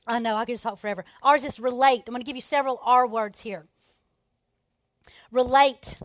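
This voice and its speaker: A middle-aged woman speaks to a church gathering, her voice sitting high and bright. She tells her story with animation and frequent laughter, then drops to hushed, earnest asides. The sound is close and dry, with no room echo. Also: fairly even intonation, brisk. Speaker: speaker at a women's ministry event. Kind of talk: storytelling talk to a church audience.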